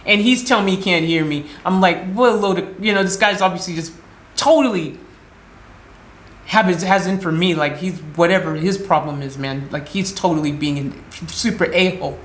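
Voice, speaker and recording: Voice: mid-range voice, moderate pace, reverberant. A shaken vlogger rambling through an upsetting story and acting out the other people's lines in quoted voices. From United States. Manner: animated retelling with quoted voices, rambling restarts. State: emotionally shaken. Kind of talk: emotional storytelling vlog.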